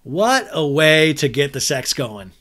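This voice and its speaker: A man's voice: fairly high pitch, big pitch swings, unhurried, a bit bright. A man hosting a podcast, giving a chatty, crude comedic recap of a reality show. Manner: chatty and crude, acting out the cast's lines in mock voices.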